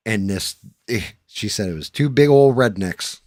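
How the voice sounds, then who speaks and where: Deep-voiced man, profane storyteller. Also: expressive, moderate pace, a little mellow, no room sound, studio quality. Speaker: streamer host. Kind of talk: casual chat.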